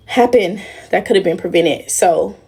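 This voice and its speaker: A woman's voice: fairly low pitch, moderate pace, creaky, a little mellow, breathy edge. A young woman on a casual livestream, talking emotionally and in a rambling way straight to her viewers. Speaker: livestream host.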